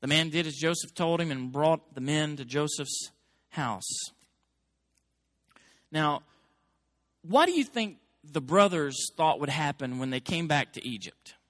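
A man's voice: on the high side, animated, measured pace, pauses often, a bit bright, no room sound, studio quality. A man preaching a sermon to his church, talking to the congregation and building to emphatic peaks. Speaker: pastor.

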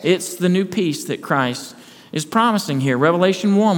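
A pastor preaches to his congregation in an earnest, searching way, often circling back on a word before pressing on. His voice sits a little higher than most men's. The sanctuary rings with a long reverb around him. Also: lively intonation, normal speed. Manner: earnest preaching with repeated restarts, rhetorical questions. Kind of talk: sermon. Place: church sanctuary.

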